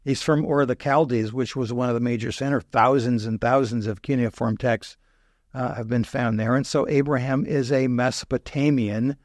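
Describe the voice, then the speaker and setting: An older male professor talking through ancient history in a loose, lecturing way, circling back to fix his wording and slipping in dry jokes. His voice sits in an ordinary middle pitch, recorded close and dry with no room sound. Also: fairly even intonation, normal speed, no echo. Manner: digressive, self-correcting, wry asides. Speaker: history professor and podcast guest. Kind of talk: explanatory conversational lecture.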